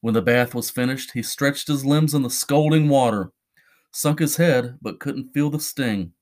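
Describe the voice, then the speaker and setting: A male podcast host reads a dark short story aloud. His delivery is measured and deliberate, with a voice of middling pitch for a man. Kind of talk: horror story narration.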